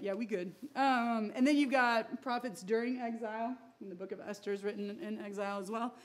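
Woman Bible class teacher, chatty and playful, easy mid-range voice. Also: mid-range voice. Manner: chatty and playful, acts out biblical voices with laughs. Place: church classroom.

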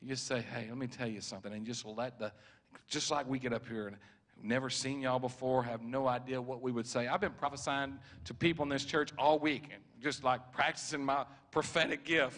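A man's voice: medium pitch, normal speed. A man, a preacher speaking prophetic words over a church member, repeating himself with restarts and chuckling often. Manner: warm, repetitive, stammering restarts, chuckles often. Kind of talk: prophetic ministry at a church service.

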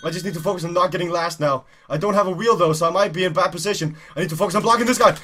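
A man giving excited live commentary while playing a cycling race game, urging himself on, repeating phrases and shouting. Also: high voice, racing, few pauses, slight background noise. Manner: urgent, repetitive, shouting in excitement. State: out of breath. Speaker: gaming YouTuber.

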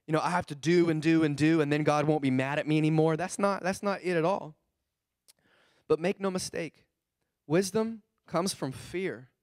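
A man preaching a sermon as pastor, animated and acting out the voices of the people he describes. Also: on the high side, no echo, studio quality. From California. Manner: animated, acts out quoted voices.

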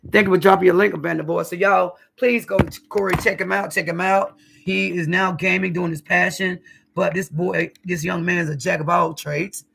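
A woman's voice: fairly low pitch, steady tone, normal speed, gravelly, a bit bright, distant mic, slight background noise. A woman chatting folksily to viewers during a live cooking stream in her home kitchen. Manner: folksy, chatty, calls viewers y'all and honey. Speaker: home cook livestreamer. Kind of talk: casual live cooking chat.

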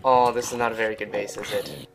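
A man giving let's play commentary, excitable and easily panicked, with yelps and repeated exclamations. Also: lowish voice, quick pace, heavy background noise. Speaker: gaming channel host.

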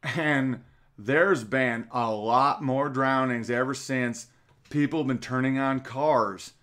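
A man doing a slow, dim Southern politician. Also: mid-range voice, fairly bright tone. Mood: drawling. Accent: generic Southern US, put on. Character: dim, drawling middle-aged male politician impression.

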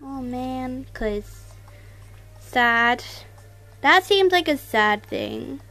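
A woman doing casual let's-play commentary to her viewers, excitable, exclaiming and mildly swearing, recorded on a tablet. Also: high voice, extremely slow. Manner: talks straight to viewers. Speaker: gaming YouTuber.

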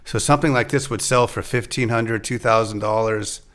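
Man, medium pitch, podcast host, casual chat, hesitant, frequent restarts. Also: fairly even intonation, moderate pace, fairly bright tone.

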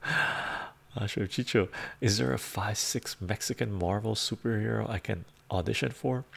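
A man hosting a casual live stream, soft-spoken and laid-back, reading chat, chuckling often and drifting into whispers. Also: fairly low pitch, measured pace, creaky, breathy edge. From Canada.

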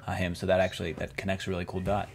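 A man's voice: low voice, completely flat delivery, very fast. A man hosting a book club interview, asking long, meandering questions with fillers such as "uh" and "like".

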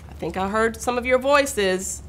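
A middle-aged woman reading a picture book aloud to children, expressive and talking to her young listeners. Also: fairly high pitch, normal speed, slight background noise. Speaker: school administrator reading aloud.

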